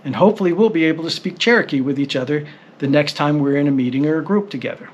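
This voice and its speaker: A man teaching a recorded language lesson, speaking patiently and encouragingly and sounding out syllables slowly. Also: fairly high pitch, highs cut off, a little hiss or hum.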